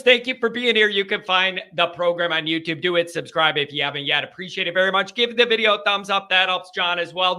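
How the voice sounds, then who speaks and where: A man hosting a live sports call-in show, chatting casually and rattling off quick plugs and asides. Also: high voice, sharp tone.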